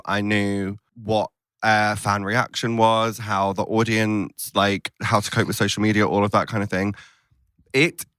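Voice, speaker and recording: A man hosting a podcast, talking in a measured, reflective, self-deprecating way. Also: fairly low pitch, a bit bright, clean tone, dry recording, clean studio sound. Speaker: podcast host. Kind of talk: casual chat.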